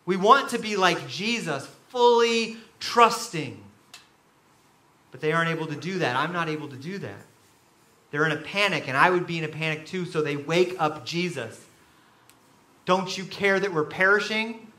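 A man preaching a sermon as pastor, telling stories with animated, sudden loud bursts. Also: fairly high pitch, moderate pace, echoey room. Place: church.

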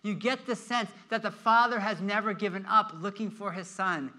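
A man preaching a sermon with a high, very bright voice. He tells the story with energy and acts out the characters' lines in changing voices. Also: moderate pace. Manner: animated storytelling, acting out quoted voices. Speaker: pastor.

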